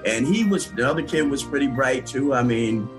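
An older man telling his life story in a relaxed interview, with many restarts and small chuckles. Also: medium pitch, moderate pace, soft background music, low-quality recording. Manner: conversational, with frequent restarts and chuckles. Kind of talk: recalling his past in an interview.

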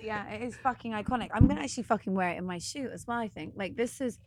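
A woman guest on a podcast who tells a story with excitement, swears freely and acts out what people said. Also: medium pitch, fast. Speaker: guest, motivational speaker. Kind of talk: animated storytelling in casual chat.

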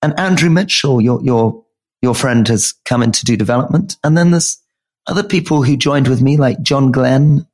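A man co-hosting a political discussion podcast, talking in a croaky voice as he loses it, measured and listing names and facts. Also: medium pitch, darkish tone. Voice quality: husky. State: croaky, losing his voice. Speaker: podcast co-host.

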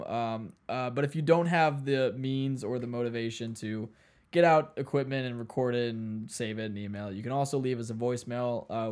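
A man's voice: mid-range voice, a little mellow. Podcast co-host, man from the Midwest, rambling self-deprecating chat with lots of laughing, blanket-lined spare room. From Midwest United States. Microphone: headphones and studio mic, remote setup.

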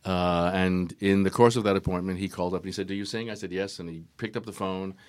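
An older man, a guest actor, telling stories at an unhurried, reflective pace in a conversational interview, with frequent ums and uhs. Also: deep voice, steady tone, darkish tone.

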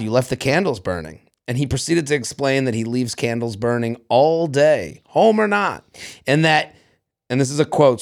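A man's voice: a little high, creaky. A man co-hosting a podcast, reading a listener's story aloud in casual chat, playful and laughing often. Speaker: podcast co-host.

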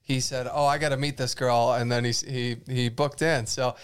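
A man's voice: medium pitch, level tone, moderate pace, smooth. A man co-hosting a podcast in casual chat, laid-back and upbeat. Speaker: podcast co-host.

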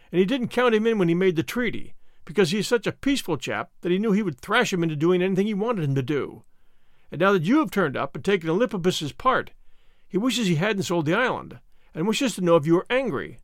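Man doing mopey nervous translator guy, sighs a lot, lively pitch. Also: fairly quick, no room sound, clean studio sound. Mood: glum. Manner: plaintive, sighing. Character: nervous young male interpreter, gloomy and humble. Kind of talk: audiobook character reading.

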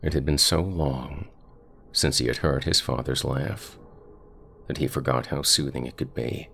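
Very deep gravelly man narrating horror. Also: fairly even intonation, a bit bright, slight background noise. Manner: slow, brooding storytelling.

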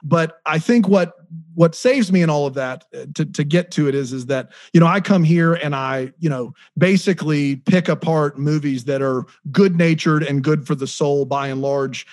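A man's voice: a little high, moderate pace, a little mellow, no room sound. A man in his thirties co-hosting a podcast, chatting casually and joking at his own expense. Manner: joking, self-deprecating. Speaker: podcast co-host. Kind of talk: casual chat.

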